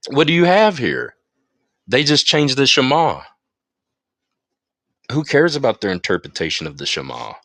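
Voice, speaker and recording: A man's voice: fairly low pitch, a bit bright, dry recording, clean studio sound. A man leading a Bible study, reading passages aloud and breaking off into emphatic asides to his listeners. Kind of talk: teaching with read-aloud passages. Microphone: phone in an audio chat room.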